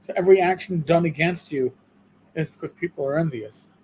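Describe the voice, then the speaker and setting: A man's voice: on the high side, fairly quick, darkish tone, a little hiss or hum, poor audio. A man with a New York accent co-hosting a livestream, talking emphatically and restarting his words. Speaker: co-host. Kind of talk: casual livestream discussion.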